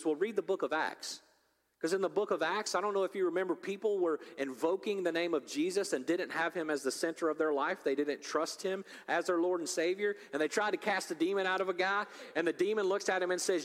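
A pastor in his forties preaching a sermon, swinging between loud urgency and hushed, intimate appeals. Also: sits high, very animated, brisk. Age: 40s. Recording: long reverb of a large hall.

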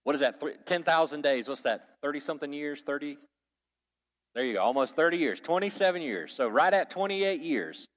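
A man's voice: medium pitch, a bit bright, big-room sound. A man teaching a sermon to a church group in a conversational way, asking the audience questions and joking. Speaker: pastor or Bible teacher.

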